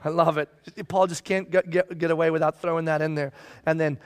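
A man's voice: fairly high pitch, flat delivery, a little fast, clean tone. A man preaching a sermon who talks conversationally and acts out the voices of biblical figures. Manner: conversational, frequent restarts. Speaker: pastor. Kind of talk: expository sermon.

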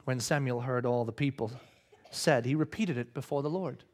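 A man preaching a sermon, reading scripture and shouting acted-out quotes with animated energy. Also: medium pitch, moderate pace. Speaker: pastor.

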